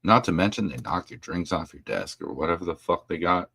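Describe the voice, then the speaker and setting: Brief: low-voiced man streaming from home, blunt and foul-mouthed, pitch swinging wide, dry close sound. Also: lively intonation, fairly quick, creaky, bright, forceful tone, breathy edge, dry recording. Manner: blunt, profane, ranting. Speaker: livestream host. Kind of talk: casual livestream talk.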